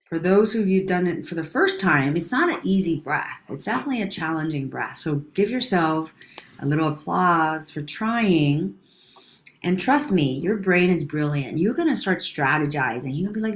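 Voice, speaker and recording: A woman leading a guided breathing exercise, counting breaths slowly and calmly, at times softening almost to a whisper. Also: low-pitched, roomy sound. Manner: calm, slow counting of breaths, dropping to near whispers. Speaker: breathing instructor.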